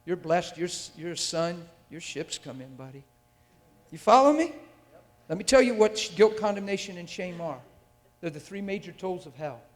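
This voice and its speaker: Male preacher, high-ish voice, fiery and emphatic, long hall reverb on the mic. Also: expressive, normal speed. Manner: intense and emphatic, with rhetorical questions to the audience. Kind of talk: sermon. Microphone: handheld or stand mic.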